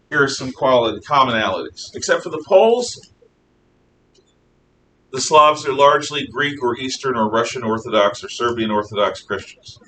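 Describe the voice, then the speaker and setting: Guy giving a history class, rambly with lots of uh's, mic away from him, faint rumble behind. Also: bright, forceful tone. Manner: rambling, self-correcting lecture with many fillers. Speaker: history teacher. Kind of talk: classroom lecture. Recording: echoey room, mic at a distance, faint rumble.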